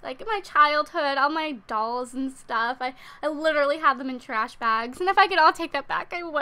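A woman's voice: sits high, normal speed, few pauses, pushed and bright. A young woman giving casual, chatty commentary while she plays a life-sim game, using lots of fillers. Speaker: let's play host.

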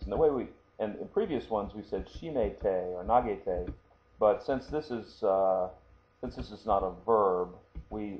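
A man teaching a lesson, explaining patiently and often checking in with the listener. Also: on the low side. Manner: patient, explanatory, frequent "okay?" check-ins. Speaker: martial arts instructor. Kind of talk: screen-recorded lesson. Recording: tinny phone-like audio, faint hiss.

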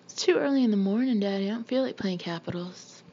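A woman's voice: medium pitch, fairly quick, darkish tone, lo-fi sound, a little hiss or hum, lightly acted. A woman doing a sleepy whiny young girl.

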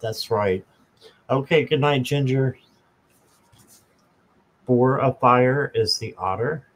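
Laid-back man hosting a live stream, unhurried, jokey, mid-pitched voice. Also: fairly bright tone, rough recording. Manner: slow, chatty, talks to viewers by name, jokes. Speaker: tarot reader and channel host. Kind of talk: casual live-stream chat.

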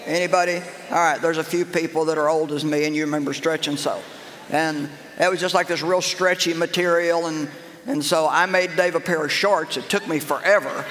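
An older woman preaching a humorous sermon, telling stories in an animated, sassy, self-mocking way. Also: low voice, a little fast, a little hiss or hum. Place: large church auditorium with a live congregation. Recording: echoey hall with crowd laughter.

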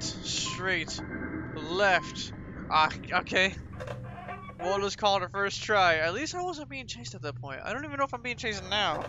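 A man commenting on a horror game as he plays, easily frightened, repeating himself over and over and yelling and swearing in alarm. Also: high voice, noisy background. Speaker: gaming channel host. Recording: dull lo-fi with game music. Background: game soundtrack music.

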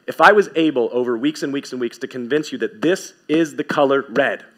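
A man preaching a sermon as pastor, emphatic, repeating key phrases and swinging from quick asides to slow, stressed words. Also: medium pitch.

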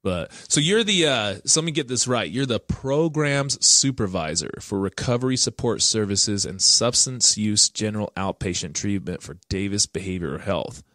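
A man's voice: on the low side, animated, moderate pace, few pauses, pushed and bright, dry recording, clean studio sound. A man hosting a social work podcast, casual and joking, laughing often. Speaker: podcast host, social worker. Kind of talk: casual chat.

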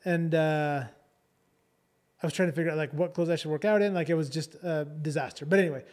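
A man's voice: a little high, steady tone, brisk, a little mellow. A man co-hosting a podcast, telling a story in a chatty, casual way and often checking in with "right?". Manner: chatty, keeps adding "right?" and "like". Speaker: podcast co-host.

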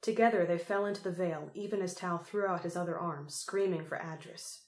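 A woman narrating an adventure audiobook in a steady, expressive reading. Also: lowish voice, a little fast. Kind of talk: scripted narration. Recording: echoey room.

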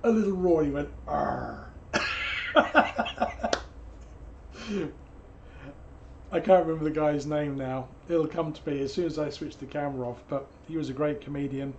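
A hoarse man, teaching painting on a live stream in a chatty, digressive way with jokey asides. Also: fairly high pitch, steady tone, fast talker, few pauses, dark tone, dull audio, a little hiss or hum. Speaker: painting instructor.

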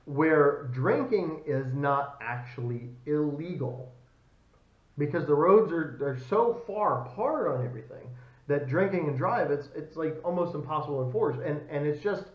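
A man's voice: on the high side, expressive, normal speed. An American man co-hosting a podcast, telling a long rambling story in casual chat with many fillers, on a lapel mic. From United States. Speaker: podcast co-host. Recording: echoey room, slightly dull sound.

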